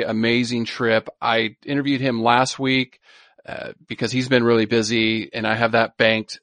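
A man, co-hosting a casual podcast. He talks with eager enthusiasm and repeats words in excited bursts. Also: mid-range voice, no echo. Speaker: podcast co-host.

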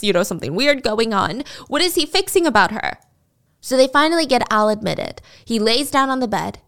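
A woman telling a true-crime story in a casual, dramatic way, at times dropping to a whisper. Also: mid-range voice.

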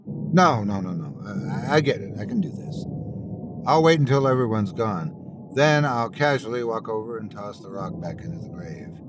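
A man's voice: on the low side, lively intonation, moderate pace, music in the background, natural voice. A man voicing a frightened teenage boy in a spoken horror story, stammering and pleading anxiously.

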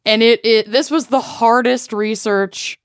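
A woman's voice: a little high, slow pace, smooth, dry recording, clean studio sound. A woman co-hosting a podcast, bubbly and self-mocking in casual chat. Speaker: podcast co-host.

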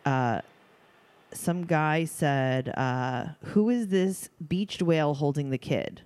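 A woman's voice: low voice, slow pace, a little mellow. A woman co-hosting a podcast, chatting casually with blunt, crude teasing, with hiccups, in a home studio. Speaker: podcast co-host. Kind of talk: casual chat.

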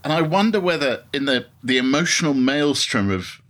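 A man's voice: medium pitch, sing-song, moderate pace, a bit bright. A man hosting a casual lunch interview, asking thoughtful, articulate questions in elaborate phrasing. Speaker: host.

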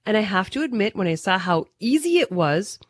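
A woman's voice: mid-range voice, very animated, brisk, no echo. A woman co-hosting a talk radio show, chatting playfully and reading out listener messages. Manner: playful, reads out listener texts. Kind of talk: casual talk radio banter.

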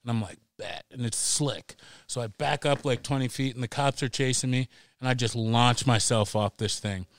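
A middle-aged man, a podcast guest, telling a wild story in a casual, animated way, swearing freely and laughing as he goes. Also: medium pitch, normal speed, no room sound.

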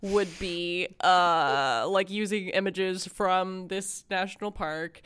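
A woman co-hosts a casual podcast in a Californian accent, her voice nasal and congested from a sinus infection. She chats loosely and swears freely. Her tone stays smooth and clean. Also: lowish voice, slow, fairly bright tone, no echo. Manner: chatty, swears, giggles often. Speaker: podcast co-host. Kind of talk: casual chat.

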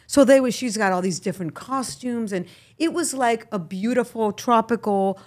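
A middle-aged woman from Miami, a guest actress, chatting casually in an interview and telling animated stories with frequent laughs. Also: a little high, moderate pace. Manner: animated storyteller, laughs often, lively asides.

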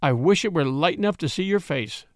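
Gallant young attorney, storybook, narrator plays him. Courteous, animated pitch, dry close mic. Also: male voice, brisk, dry recording. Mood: tender.

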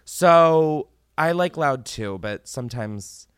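A man's voice: fairly high pitch, lively intonation, slow pace, smooth. A man hosting a podcast in casual chat, rambling, laughing often and swearing freely. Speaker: podcast host.

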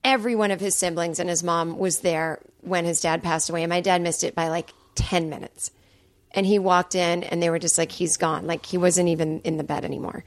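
A woman's voice: on the low side, fairly even intonation, fairly quick, dry recording. A middle-aged woman, a comedian guest on a podcast, telling a personal story candidly and swearing freely. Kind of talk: casual chat.

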